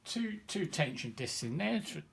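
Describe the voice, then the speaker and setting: A man's voice: fairly high pitch, normal speed, creaky, distant mic. Older man, hobby vlogger, rambling storyteller, mic set back, faint hiss. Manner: rambling and animated, with whispered asides and laughing. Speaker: vintage sewing machine presenter. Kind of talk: casual storytelling and demonstration.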